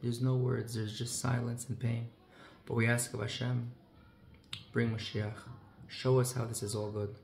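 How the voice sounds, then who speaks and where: A man's voice: medium pitch, flat delivery, normal speed, creaky. Emphatic man telling a story in an echoey room. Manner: emphatic, with Hebrew and Yiddish phrases woven in. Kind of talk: heartfelt storytelling talk. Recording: echoey room with faint ambient noise.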